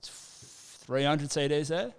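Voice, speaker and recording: Laid-back Australian bloke telling stories, swearing. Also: male voice, a little high, takes it slowly, clean tone. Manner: profane, laid-back storytelling with acted-out quotes. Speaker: podcast guest, rapper. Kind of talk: casual storytelling chat.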